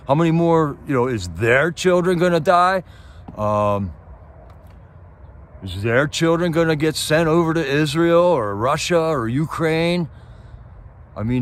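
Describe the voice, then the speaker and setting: Reading his chat aloud, a livestream host rants about politics, casual and fired up, tossing out rhetorical questions as he replies. His voice is medium-pitched and fairly bright.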